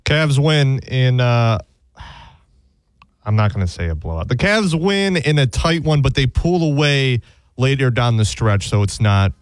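A man's voice: medium pitch, sing-song, unhurried, no room sound, clean studio sound. A man co-hosting a sports talk radio show, making blunt, assertive points.

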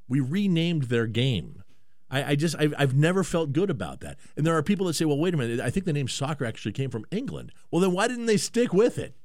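A man hosting a talk radio show, animated and rambling, often stammering and repeating words. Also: a little high, no echo, studio quality. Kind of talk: casual talk radio banter.

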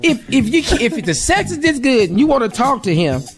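A woman's voice: on the high side, very animated, a little fast, faint music behind. A woman co-hosting a radio advice show, joking and teasing with a laugh in her voice. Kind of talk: casual comedic advice chat.

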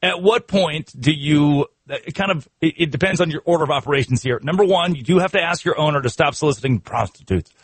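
A man's voice: a little high, brisk, few pauses, slightly rough, no room sound. A man hosting a sports radio show, riffing in comic talk with laughter and mock outrage.

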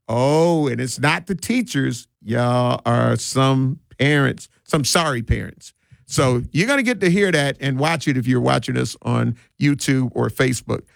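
A man's voice: medium pitch, a little slow, gravelly, no echo, clean studio sound. A male radio talk show host giving emphatic, preachy commentary, repeating his points for effect. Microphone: studio microphone.

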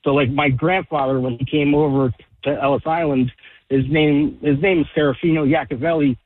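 A man's voice: a little high, fairly even intonation, normal speed. A man calling in to a radio show, telling a rambling story with many fillers and restarts. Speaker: caller. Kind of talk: phone call into radio show. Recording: tinny phone line.

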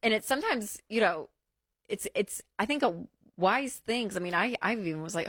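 A woman co-hosting a talk show, chatting in an animated way with many fillers and restarts. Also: medium pitch, normal speed, slightly rough, no echo. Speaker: co-host. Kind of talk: casual talk-show chat.

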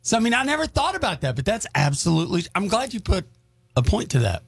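A man co-hosting a casual chat, talking in a laid-back, chatty way with a gravelly voice. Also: high voice, wildly swooping pitch, fast talker, a bit bright, dry recording.

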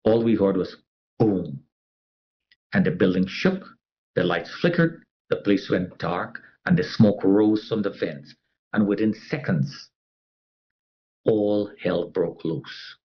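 A man's voice: sits low, animated, takes it slowly, pauses often, muffled recording. A man telling a personal story as an interviewee. He talks animatedly and acts out the other people's voices.

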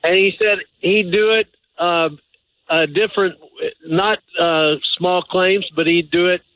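A man's voice: high-pitched, fairly even intonation, a little slow, fairly bright tone, no echo, rough recording. A man calling a radio advice show, telling a long, hesitant, rambling story full of restarts and fillers. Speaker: caller. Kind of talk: phone-in call.

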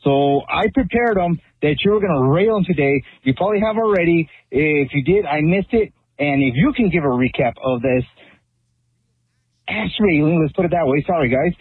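A husky-voiced man calls in to a radio show with a teasing, joking message. His pitch sits a little high for a man, and the sound is dry. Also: expressive, moderate pace, no room sound, narrow, tinny audio. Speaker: caller. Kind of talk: casual phoned-in message.

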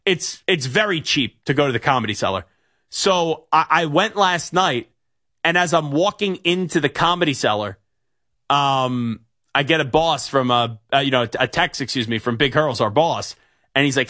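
A man's voice: mid-range voice, animated, normal speed, pushed and bright. A young man hosting sports radio, telling stories in a rambling way with many restarts. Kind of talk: casual sports radio talk.

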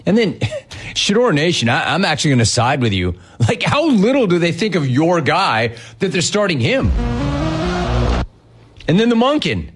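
A man's voice: on the high side, very animated, normal speed, soft background music. A man hosting a sports talk show, ranting in a sarcastic, mocking, incredulous way. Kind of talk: opinionated sports rant.

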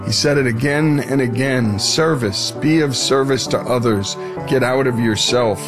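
A male radio host delivers a scripted outro in an even, measured broadcast manner. A clear music bed plays beneath his voice. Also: mid-range voice.

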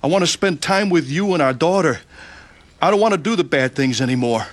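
A man narrating his own testimony with earnest, gentle sincerity and acting out the scenes. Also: a little high, lively intonation, fairly quick, dry recording.

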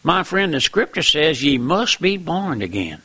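A high-pitched preacher with a gravelly edge and a bright, tense tone. He talks in a folksy, plain-spoken way, keeps repeating "my friend," and climbs to emphatic high peaks as he preaches. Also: very animated, a little slow. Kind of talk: sermon.

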